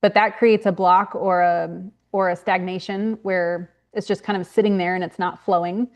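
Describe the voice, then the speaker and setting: A woman's voice: fairly low pitch, steady tone, normal speed. A young woman, a grief consultant and author, talking earnestly in a podcast interview with frequent fillers and restarts. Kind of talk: podcast interview, casual conversation.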